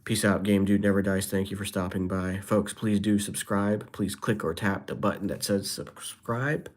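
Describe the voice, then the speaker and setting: A livestreamer chats casually on his stream, playfully freestyling rhymes and dropping into whispers. His voice is lowish with a steady tone, and he talks at normal speed.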